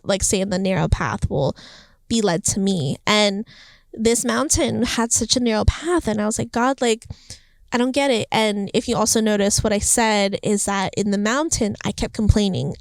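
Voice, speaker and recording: A young woman talking about her faith in a casual vlog, chatty and animated, filling her sentences with "like" and acting out what was said. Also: medium pitch, no room sound. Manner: chatty, heavy use of "like", animated quoting. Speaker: faith vlogger. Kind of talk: casual devotional vlog monologue. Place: indoors, Los Angeles home. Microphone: phone or camera mic.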